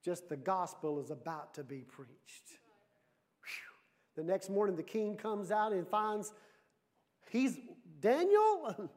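A man preaching a sermon as pastor, lively and full of questions put to the congregation. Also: high voice, a little slow. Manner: lively, asks the audience questions.

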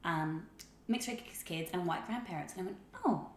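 A woman, a podcast guest, thinking aloud in relaxed casual chat. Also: fairly low pitch, normal speed. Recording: roomy echo, faint background noise.

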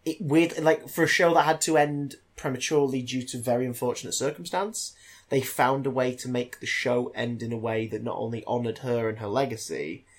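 A man's voice: mid-range voice, a little fast. A man in casual podcast chat as co-host, talking animatedly with many fillers.

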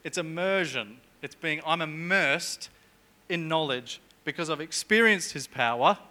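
Bright-voiced, chatty male preacher. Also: a little high, expressive, unhurried. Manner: chatty, jokey, with humorous asides. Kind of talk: sermon.

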